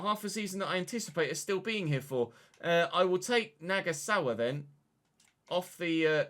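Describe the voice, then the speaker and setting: A man giving casual, jokey let's-play commentary on his own football video game match, chatty and quick to get excited. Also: on the high side. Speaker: gaming YouTuber.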